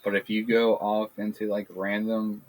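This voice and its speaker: A man's voice: on the low side, flat delivery, normal speed, darkish tone. A man co-hosting a casual podcast, talking bluntly and ranting, swearing freely. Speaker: podcast co-host. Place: backyard. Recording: poor audio.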